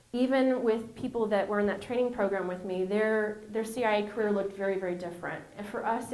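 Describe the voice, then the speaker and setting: A woman's voice: mid-range voice, darkish tone. A woman being interviewed, telling her personal story in an earnest, conversational way and laughing often. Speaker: interview guest. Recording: roomy echo.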